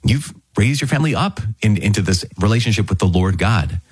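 A man teaches from scripture in an earnest, conversational sermon style. His voice sits very low with a husky edge. The recording is dry and close. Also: animated, a little fast, darkish tone, no room sound, faint music behind. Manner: earnest, conversational, repeats words and phrases. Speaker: preacher.

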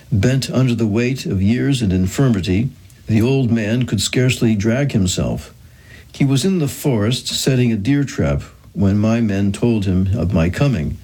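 A man narrating a historical account in a measured, solemn reading. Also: mid-range voice, mellow, slightly rough.

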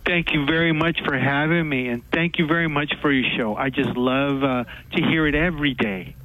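A man calling in to a radio show, telling a story haltingly with many pauses and fillers. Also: fairly high pitch, pushed and bright, rough recording. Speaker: caller. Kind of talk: call-in radio talk.

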